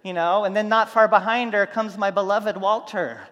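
A man preaching a sermon, telling stories, going from loud and animated to quiet and soft. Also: sits high, moderate pace, big-room sound. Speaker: pastor.

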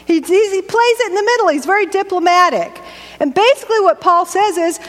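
A woman's voice: very high voice, brisk. A middle-aged woman preacher giving a conversational, joking sermon in a church. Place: church sanctuary. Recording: echoey church hall.

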